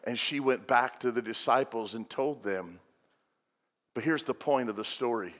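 A man preaching a sermon as pastor, swinging between loud and hushed delivery. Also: mid-range voice, moderate pace. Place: church sanctuary. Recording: long reverb of a large hall.

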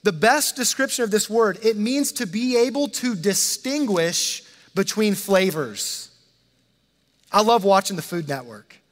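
A man with a high voice preaches a sermon in a relaxed, conversational way, often repeating his words and acting out the quotes. His voice rings with a long reverb, as if in a large hall. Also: measured pace. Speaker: pastor.

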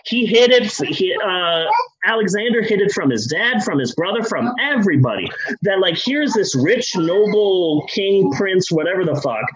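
A man co-hosting a podcast, telling a history story in a comedic, profane and animated way over dull lo-fi sound. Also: sits high, moderate pace, husky.

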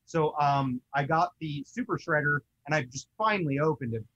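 A young man co-hosting a toy collecting show, chatting in an excitable, rambling way. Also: a little high, moderate pace, lo-fi sound. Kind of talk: casual chat.

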